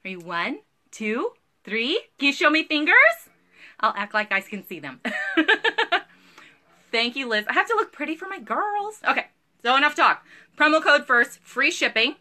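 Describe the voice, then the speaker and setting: Bubbly thirties woman, lively high voice, live-sale host energy. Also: moderate pace. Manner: chatty, bubbly, greets viewers by name. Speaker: online seller hosting a live sale. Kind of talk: casual live-stream sales chat.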